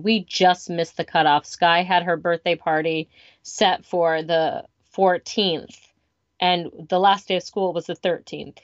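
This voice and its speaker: A woman's voice: on the low side, dry recording, muffled recording. A woman in her thirties telling stories in casual chat as a podcast co-host, acting out what people said. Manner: chatty, storytelling with quoted asides.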